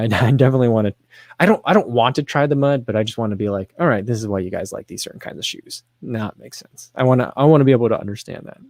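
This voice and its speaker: A man's voice: mid-range voice, gravelly, a little mellow, dry recording. Chatty man hosting a running livestream. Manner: rambling, self-deprecating, with frequent restarts and fillers. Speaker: livestream host reading chat questions. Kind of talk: casual livestream chat.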